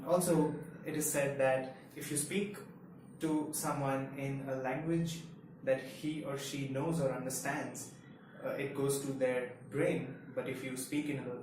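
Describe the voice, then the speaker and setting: Teaching Mandarin, a man whose native language is Hindi walks through the lesson point by point, steady in tone, mid-pitched and slow. He's captured from a distance in a very echoey room, and a faint hiss sits behind his voice.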